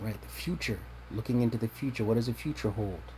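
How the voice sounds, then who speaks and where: A man's voice: mid-range voice, normal speed, hardly any pauses, a little mellow, slight background noise. A man teaching from scripture in a sermon, checking in with "right?" after each point and repeating words as he searches for them. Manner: tags points with a questioning "right?". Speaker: religious teacher.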